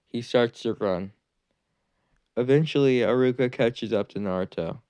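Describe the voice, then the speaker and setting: A man's voice: mid-range voice, moderate pace, mellow, smooth, dry recording. A man casually narrating a fan-made what-if anime story, rambling with fillers and restarts.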